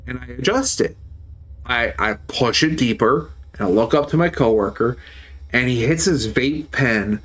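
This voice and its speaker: A man's voice: medium pitch, moderate pace, fairly bright tone. A man in a mid-range voice tells a story to his stream in a loose, casual way. He swears freely and gets heated as he retells it.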